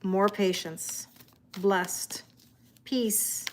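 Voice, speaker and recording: A woman's voice: medium pitch, steady tone, very slow, a little hiss or hum. A Canadian woman with a Canadian accent, hosting a tarot livestream in casual chat and greeting viewers by name as she reads their comments aloud.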